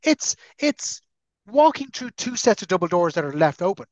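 A man's voice: high voice, very animated, normal speed, a little mellow, no room sound. A man, co-hosting a podcast and ranting chattily, joking as he goes. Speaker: podcast co-host. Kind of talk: casual chat.

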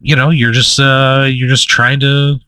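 A man's voice: medium pitch, level tone, measured pace, pushed and bright, smooth, dry recording. A man co-hosting a casual comedic podcast, telling a rambling made-up story with lots of fillers and laughing mid-sentence. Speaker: podcast co-host.

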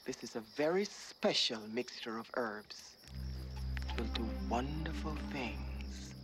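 A secretive older herb woman, very low voice, lilting, music under. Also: expressive, takes it slowly, heavily acted. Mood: calm. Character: calm older woman brewing herbs, secretive. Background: film score.

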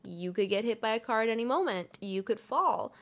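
A woman's voice: a little high, animated, fairly quick. A young woman hosting a podcast in a bubbly, chatty way. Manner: bubbly, valley-girl fillers. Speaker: podcast host. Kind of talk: casual chat.

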